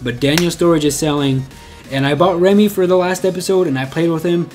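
A man's voice: on the high side, brisk, a little mellow, soft background music. A young man recording casual gaming commentary, rambling and frustrated, putting himself down. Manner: frustrated, rambling, self-deprecating. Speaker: gaming YouTuber.

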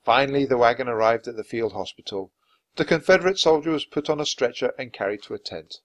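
Brief: man narrating a children's book, clear and steady, dry close recording. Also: medium pitch, quick pace, no room sound. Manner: clear and steady, acting out dialogue. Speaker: storybook reader. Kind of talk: scripted narration for language learners.

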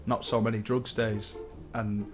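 A man's voice: lowish voice, level tone, measured pace, soft background music. A man hosting a gaming channel, chatting casually over multiplayer gameplay, swearing a lot and laughing often.

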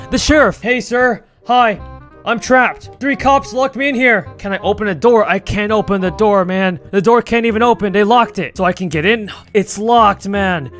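High-pitched male gaming host, excitable and dramatic, faint music bed. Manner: excitable, dramatic, talks to viewers. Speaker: gaming YouTuber. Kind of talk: excited role-play gameplay commentary.

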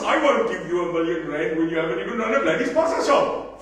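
A man with a South African accent giving a rousing political speech, emphatic, swinging from low asides to shouting. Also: animated, fast, few pauses. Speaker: political party leader. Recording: echoey hall, mic far off.

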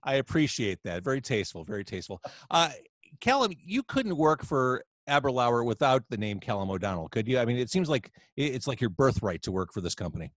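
A man's voice: medium pitch, sing-song, a little fast, no echo. A man hosting a casual live video-chat podcast, upbeat and teasing his guest. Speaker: podcast host. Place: home, indoors. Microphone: video call.

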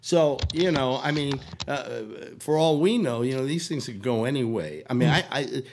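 Hoarse older man rambling with a cold. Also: medium pitch, expressive, normal speed, darkish tone. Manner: rambling, full of restarts and "you know". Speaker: radio talk host. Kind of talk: rambling casual talk.

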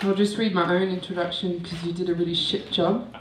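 A woman's voice: fairly low pitch, flat delivery, brisk, background noise. A woman comedian over twenty-five, teasing the host as she takes the stage. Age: older than 25. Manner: dry, teasing. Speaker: comedian introducing herself. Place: small venue with live audience. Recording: echoey room from far off, crowd audible.

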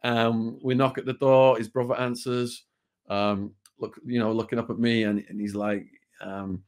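A man's voice: medium pitch, little pitch movement, moderate pace, darkish tone. A British man, a guest on an interview show, telling a true story in a vivid, blunt way with the odd swear word.

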